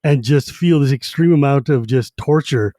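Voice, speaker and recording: A man co-hosting a casual book podcast, retelling scenes in an animated, laughing, slangy way. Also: mid-range voice, normal speed, dry recording, studio quality. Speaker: podcast co-host.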